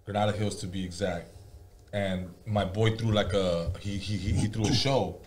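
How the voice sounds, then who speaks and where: A comedian from the San Fernando Valley telling a profane, animated story in casual podcast chat, dropping Spanish slang. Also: male voice, fairly low pitch, normal speed, noisy background. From San Fernando Valley, Los Angeles. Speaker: comedian guest.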